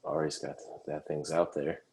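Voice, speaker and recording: Very deep gravelly man, joking around. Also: level tone, moderate pace, a little mellow. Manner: joking, crude banter. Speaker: podcast co-host. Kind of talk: casual chat.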